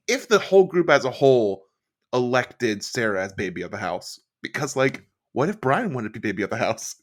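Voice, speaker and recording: A man co-hosting a podcast, joking and riffing in casual chat. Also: mid-range voice. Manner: jokey, riffing. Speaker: podcast co-host.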